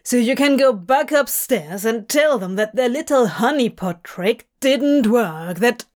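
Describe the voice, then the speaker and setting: A woman's voice: on the high side, animated, slow pace, a little mellow. A woman playing a curt, sullen male demon. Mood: curt bitter. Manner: curt, bitter.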